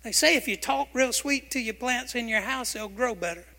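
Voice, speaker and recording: Pastor, male, bright, forceful voice, emphatic sermon with call-and-response, long hall reverb. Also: extremely high pitch, normal speed, creaky. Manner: emphatic, asks the congregation questions and has them repeat phrases. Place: church sanctuary.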